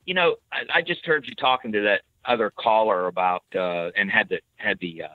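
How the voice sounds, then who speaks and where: A man calling into a talk show, sharing his views in a halting way with many fillers. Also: lowish voice, dry recording. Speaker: caller. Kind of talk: casual phone-in chat. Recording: tinny phone line.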